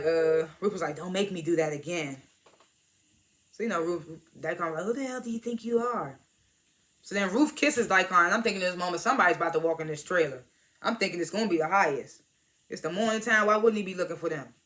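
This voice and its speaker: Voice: medium pitch, sharp tone. A speaker casually recapping a TV episode, retelling scenes as quoted dialogue, swearing freely and chuckling along. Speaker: TV episode reviewer.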